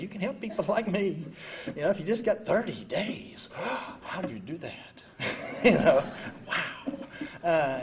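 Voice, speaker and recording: Sharing his story at a recovery meeting, this man in his seventies is blunt and pokes fun at himself, peppering his talk with "you know." His voice is a little high, and he shifts between quiet reflection and loud outbursts, captured on a dull, lo-fi recording.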